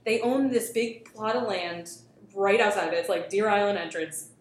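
A woman's voice: medium pitch, normal speed. A woman casually telling a long work anecdote on a podcast, full of fillers and restarts. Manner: rambling storyteller, many fillers and restarts. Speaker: guest telling a work story. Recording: roomy echo, faint background noise.

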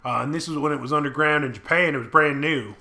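A man's voice: fairly high pitch, fast talker, sharp tone. A man hosting an improvised comedy chat, speaking earnestly and hesitantly with many filler sounds. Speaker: host.

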